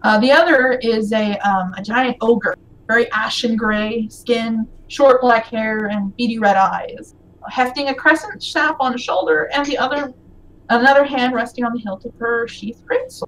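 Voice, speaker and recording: A woman's voice: a little high, normal speed, fairly bright tone, distant mic, poor audio. A woman narrating a tabletop game as game master, casual with frequent fillers.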